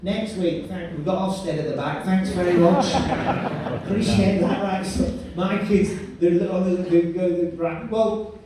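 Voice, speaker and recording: Bloke doing stand-up and compering, keeps asking the crowd stuff, big echo, mic's a bit far. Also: male voice, high-pitched, measured pace, few pauses, background noise. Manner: chatty, quizzes the crowd. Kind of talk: live stand-up comedy. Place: comedy venue. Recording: echoey room, voice far from mic.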